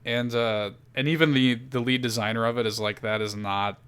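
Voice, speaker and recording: A man hosting a casual podcast chat, animated and profane, laughing often. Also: medium pitch, brisk, smooth. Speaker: podcast host.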